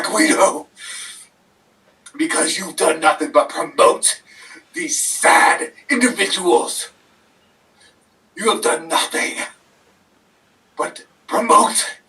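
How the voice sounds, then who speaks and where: A man cutting a theatrical wrestling promo as a guest, menacing, swinging between shouts and whispers. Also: sits high, takes it slowly, long pauses, recorded from a distance, poor audio.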